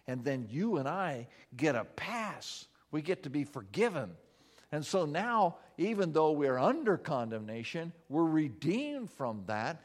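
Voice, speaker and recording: Preaching as a pastor, this man is earnest, easing his pace to stress points and turning soft and low in prayer.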